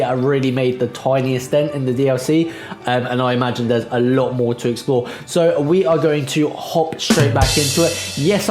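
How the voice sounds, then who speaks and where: A man's voice: mid-range voice, roomy sound. A man hosting a let's play video, chatty and jokey, talking to his viewers with plenty of filler words. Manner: chatty, jokey, uses "guys" and "um". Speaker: gaming channel host.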